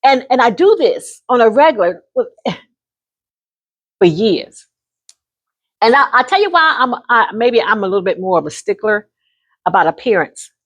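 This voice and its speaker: An older woman in her sixties, chatting to camera with a bright, slightly high voice. She tells her story in a lively, folksy way and keeps calling the listener honey. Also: normal speed, pauses often, lo-fi sound. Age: 60s. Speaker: vlogger.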